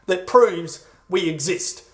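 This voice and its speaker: A man's voice: high-pitched, takes it slowly. An Australian man giving crude, mock-outraged comedic commentary on clips. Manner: profane, mock-outraged, animated. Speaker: comedy video narrator.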